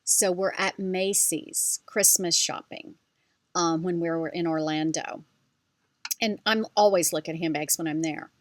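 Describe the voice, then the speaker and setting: A middle-aged woman vlogger talks casually to her camera, chatty and animated as she tells her story. Her voice sits a little low for a woman. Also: unhurried, no room sound. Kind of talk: casual handbag review vlog.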